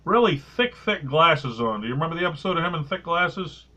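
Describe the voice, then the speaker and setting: A male podcast host with a bright, forceful, slightly high voice, telling animated stories and reading listener notes in casual chat. The sound is a little dull and lo-fi. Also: brisk. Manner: animated storyteller, reads listener comments.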